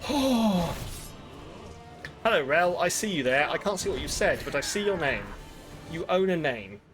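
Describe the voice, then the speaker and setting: Man, southern English accent, young adult, playful, self-mocking, fairly high voice, game music behind. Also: expressive, moderate pace. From Britain. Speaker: streamer. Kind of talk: live gameplay commentary.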